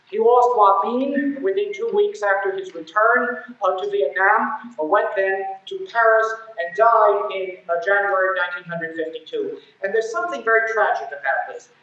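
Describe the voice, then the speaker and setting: A man lectures on history to a university class, dropping dry, ironic asides as he tells the story. His voice has a bright edge and rings around a large, very echoey hall. The recording is a dull, lo-fi 1970s tape. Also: high-pitched. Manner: emphatic, storytelling delivery. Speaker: history professor.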